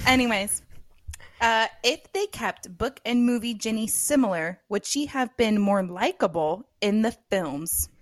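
A woman's voice: fairly high pitch, animated, unhurried, dry recording. A woman co-hosting a podcast in casual chat, teasing her friend and reading out listener questions. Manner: teasing, laughs along, reads listener questions. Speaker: podcast co-host.

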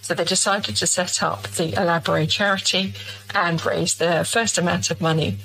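A woman speaking for a charity as an interview guest, recounting in a calm, measured way. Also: fairly low pitch, vocal fry, soft background music, low-quality recording.

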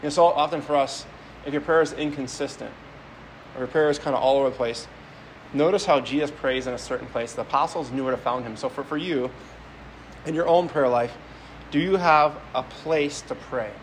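A man's voice: mid-range voice, a little fast, a little hiss or hum, rough recording. Man giving a conversational homily. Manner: conversational, storytelling, frequent repeated words. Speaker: Catholic priest.

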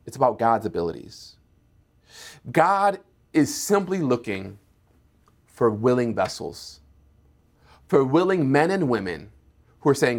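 Male preacher, sermon, plays both sides of Bible dialogue, builds up in pitch. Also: very animated. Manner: acts out Moses and God in quick dialogue; rising to a higher, louder pitch as he builds.

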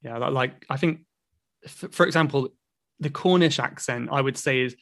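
A man's voice: mid-range voice, normal speed, fairly bright tone. A man from Cornwall, a podcast host, speaking thoughtfully with some hesitations in a casual interview.

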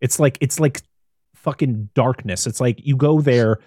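A man's voice: medium pitch, a little slow, warm tone, husky, no room sound, studio quality. A man from Massachusetts hosting a podcast, rambling casually and swearing now and then. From Western Massachusetts. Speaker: podcast host. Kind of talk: casual chat.

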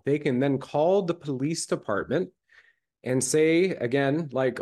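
A male host from Canada talking in an intense, rapid-fire rant during a casual chat. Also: mid-range voice, darkish tone.

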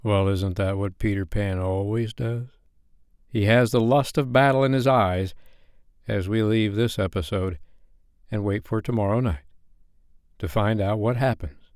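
Male bedtime-story reader, low and animated, dry close sound. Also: unhurried, pauses often, clean tone, no room sound. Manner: expressive, animated reading.

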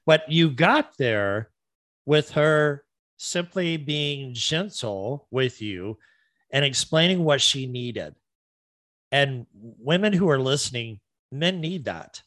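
A man's voice: mid-range voice, expressive, takes it slowly, fairly bright tone, no echo. A man hosting a talk show, giving earnest, instructive advice in conversation.

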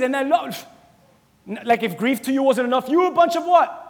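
High-voiced joking preacher in a reverberant church. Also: male voice, brisk, vocal fry. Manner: animated, joking preaching with shouted emphasis. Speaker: pastor. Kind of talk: sermon. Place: church sanctuary. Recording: long reverb of a church hall.

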